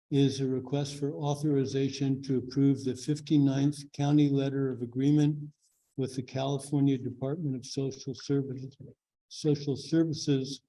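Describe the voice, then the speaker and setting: A man chairing a city commission meeting, reading agenda items in a procedural, measured way. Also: medium pitch, steady tone, warm tone, rough recording. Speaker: commission president. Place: government meeting room.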